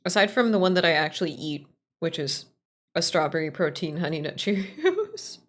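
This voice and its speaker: A loose, self-mocking woman streamer who chats with her viewers between game lines. Her voice sits a little low for a woman. She curses freely in a casual way. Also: very animated, normal speed.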